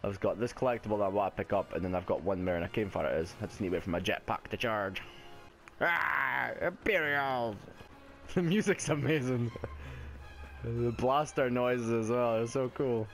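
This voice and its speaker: A young man doing live gameplay commentary from a home gaming setup on a headset mic. His talk is excitable and sweary, and he often laughs at himself. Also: lowish voice, a little fast, soft background music. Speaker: gaming YouTuber.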